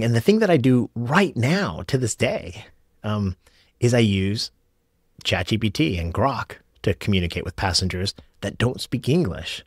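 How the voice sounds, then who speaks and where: A middle-aged American man talks on his solo podcast in a loose, conversational way, circling back and restarting his thoughts as he goes. His voice sits fairly low. It is recorded close and dry, with no room sound. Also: slightly rough, no room sound. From United States. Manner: conversational, rambling with restarts and asides. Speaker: podcast host and rideshare driver. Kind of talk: casual solo podcast talk.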